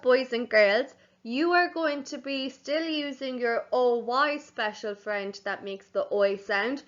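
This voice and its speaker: A young woman teaching young children, speaking slowly and clearly, spelling words out letter by letter and calling them boys and girls. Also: fairly high pitch, a bit bright, dull audio. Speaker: primary school teacher. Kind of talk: home learning lesson for young children.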